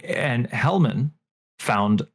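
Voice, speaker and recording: A man co-hosting a gaming podcast in casual chat, excitable and quick to jump into high exclamations. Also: husky. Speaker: podcast co-host.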